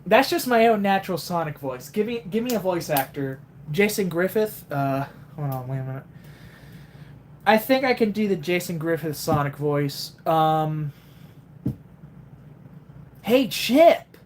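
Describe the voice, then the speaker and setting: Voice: mid-range voice, expressive, moderate pace, slight background noise. A streamer chatting casually on a live stream, joking and swearing between character voices. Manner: joking, profane, laughs often.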